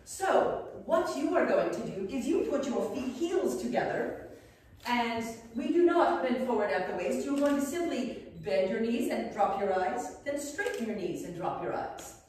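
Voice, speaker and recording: A woman plays a colonial-style headmistress, guiding a class through bows and dance steps with genteel, prim instruction and a playful streak. Her voice is fairly high and swoops around a lot. She is heard from a distant camera in a very echoey room with a faint hum behind her. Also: expressive, measured pace, darkish tone. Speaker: costumed interpretive guide playing an academy headmistress. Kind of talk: in-character living-history lesson. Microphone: far camera. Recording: echoey room, voice far from the mic.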